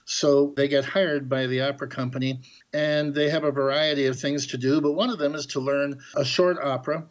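Animated storytelling man, composer guest. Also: on the high side, fairly quick, dull audio. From Chicago area, US. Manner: animated storyteller, acts out quoted characters. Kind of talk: podcast interview, storytelling.

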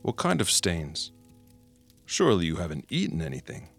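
An actor playing a police detective who questions a suspect with pointed, insinuating questions and dry irony in a true-crime reenactment. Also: male voice, deep voice, huge pitch swings, normal speed, vocal fry, soft background music, full character voice. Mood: probing.

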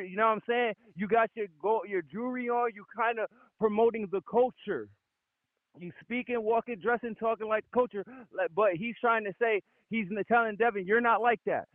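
A man's voice: high voice, no room sound, narrow, tinny audio. A man co-hosting a boxing podcast, arguing hard, swearing a lot and refusing to be cut off. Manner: insistent, swears a lot, cuts off rebuttals. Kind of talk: heated debate, profane.

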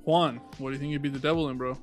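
A man's voice: mid-range voice, steady tone, very fast, soft background music. A young man co-hosting a casual podcast, tired from little sleep, teasing his friends and swearing as he rambles through stories. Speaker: podcast co-host. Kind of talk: casual chat.

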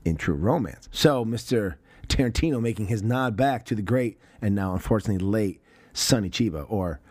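Podcast host, male, lively swooping delivery, profane, does quick movie-line impressions, dry close sound, has a cough. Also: on the low side, breathy edge, no room sound. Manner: animated, swears freely, acts out movie lines. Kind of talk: casual film discussion podcast.

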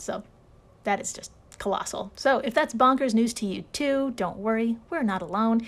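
A woman with a somewhat high voice hosts a casual podcast. She talks in a chatty, irreverent way, swearing and laughing often as she tells the story. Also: normal speed. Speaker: podcast host.

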